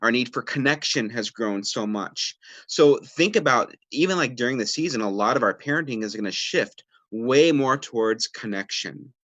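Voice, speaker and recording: A man's voice: medium pitch, lively intonation, moderate pace, few pauses, fairly bright tone, no echo. Casual man teaching parents, dry sound. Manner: conversational, frequent "right?" and fillers, acts out quoted lines. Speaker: parenting webinar presenter. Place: home or office, video webinar.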